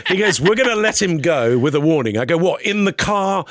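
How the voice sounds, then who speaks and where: A man's voice: on the high side, expressive, a little fast. A middle-aged man telling a comic anecdote on a podcast. He swears freely and acts out other people's voices. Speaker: podcast guest.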